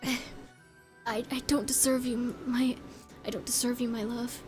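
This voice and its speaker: A woman's voice: on the high side, level tone, music in the background. Woman playing a lovestruck young prince. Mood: doting. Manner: soft, hushed, halting romantic lines.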